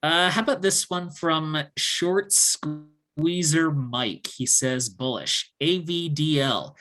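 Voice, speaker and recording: A co-host chatting casually about stocks, halting and full of fillers. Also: medium pitch, fairly bright tone. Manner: slow, halting, many fillers. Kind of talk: casual chat.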